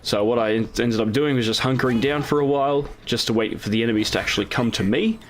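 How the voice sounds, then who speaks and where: A man's voice: medium pitch, fast talker, slight background noise. A man hosting his own gaming channel, casually talking over recorded gameplay in a rambling way with lots of fillers and restarts.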